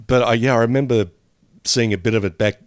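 A man's voice: medium pitch, steady tone, no echo, clean studio sound. A man, co-hosting a casual podcast chat, rambling and laughing often. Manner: rambling, laughs often, drifts into quick impressions. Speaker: podcast co-host.

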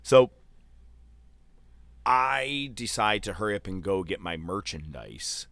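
A man telling a long story in casual podcast chat, loose and animated, with swearing and filler words. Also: on the low side, slow, vocal fry, no echo.

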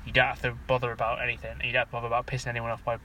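A man's voice: medium pitch, completely flat delivery, very fast, sharp tone, a little hiss or hum. Sweary man in casual chat. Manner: sweary, joking, laughs often. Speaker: podcast co-host.

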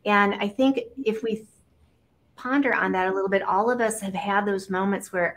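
A woman from Iowa, a guest on an interview show, talking casually with many fillers and animated storytelling. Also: mid-range voice, moderate pace. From Iowa, United States.

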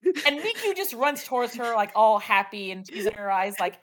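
A woman's voice: fairly high pitch, normal speed. A woman co-hosting a casual anime podcast, recapping plot scenes in an exasperated, joking way with lots of laughter and fillers. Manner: animated, laughs often, uses many fillers like "like". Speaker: podcast co-host.

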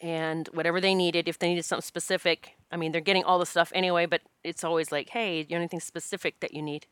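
A woman's voice: fairly low pitch, quick pace, smooth, no echo. A woman who practises Reiki, telling a personal story in a candid, emotional, casual way and acting out what people said. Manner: emotional, candid, animated quoting of herself.

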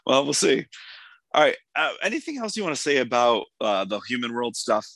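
Hoarse man hosting a podcast. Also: mid-range voice, sing-song, fairly quick, a bit bright, no echo. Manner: enthusiastic, rambling with restarts. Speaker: podcast host. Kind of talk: casual episode discussion.

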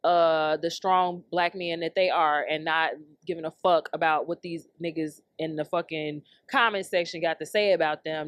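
A woman's voice: medium pitch, no room sound, studio quality. A young woman hosting a podcast, ranting heatedly with nonstop swearing and bursts of laughter. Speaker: podcast host. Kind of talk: profane comedic rant. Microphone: studio mic on camera.

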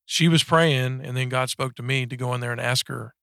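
A man in his forties giving a personal faith testimony in casual conversation, halting and earnest, with many restarts and fillers. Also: medium pitch, steady tone, gravelly, fairly bright tone, no echo, clean studio sound. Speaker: guest sharing a faith story.

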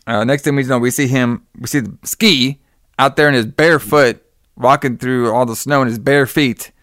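A man's voice: mid-range voice, normal speed, no room sound, clean studio sound. A man casually recapping a movie plot as a podcast co-host, swearing freely and acting out the characters' lines. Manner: profane, animated storytelling with quoted voices.

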